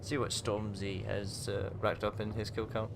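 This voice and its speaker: A man's voice: on the low side, little pitch movement, normal speed, creaky, noisy background. A man chatting casually and rambling as he streams a space trading game from home. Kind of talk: casual chat while gaming.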